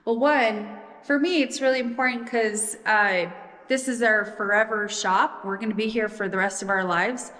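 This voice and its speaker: A woman with a medium-pitched voice talks in a chatty, eager way as she shows off her project. Her voice rings around a bare, roomy shop with a long reverb tail. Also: steady tone, moderate pace, fairly bright tone. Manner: chatty and enthusiastic. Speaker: vlogger. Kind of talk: casual chat. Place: unfinished shop building.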